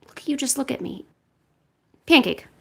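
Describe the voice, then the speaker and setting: A woman's voice: sits high, expressive, normal speed, gravelly, pushed and bright, husky. A woman streamer chatting casually and coaxing her cats with playful, baby-talk asides. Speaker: art streamer.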